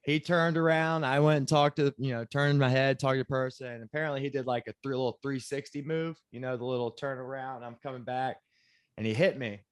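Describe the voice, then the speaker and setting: A man, a former pro quarterback, telling stories in a relaxed, wry way on a podcast, acting out what others said. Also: mid-range voice, a little fast, smooth. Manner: laid-back, wry storyteller, acts out quotes. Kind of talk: casual storytelling interview.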